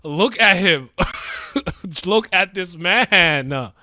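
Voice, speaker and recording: Young guy streaming, reacting to a comic, kinda high voice, hyped and swearing a lot, dry close sound. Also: drawn-out words, dry recording. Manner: excitable, profane slang, laughs often. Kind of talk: live reaction stream, reading a comic aloud.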